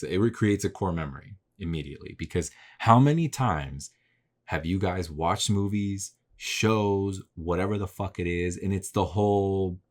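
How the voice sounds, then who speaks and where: A man talking straight to camera in a casual, rambling motivational monologue, full of swearing and repeated rhetorical questions. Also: deep voice. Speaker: vlogger. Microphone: camera mic.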